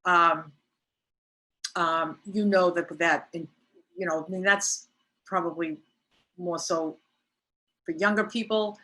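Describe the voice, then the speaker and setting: Woman sponsor, middle-aged, bright and forceful tone, lowish voice, chatty teaching talk. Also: fairly even intonation, slow pace, long pauses, poor audio. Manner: chatty, acts out little scenes in a raised voice. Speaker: recovery sponsor.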